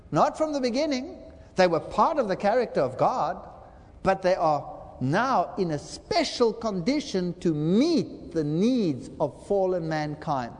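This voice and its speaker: A man's voice: very high voice, in a large hall. A man preaching a sermon lecture, telling a dramatic parable and acting out the quoted lines. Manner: dramatic storytelling with acted-out quotes.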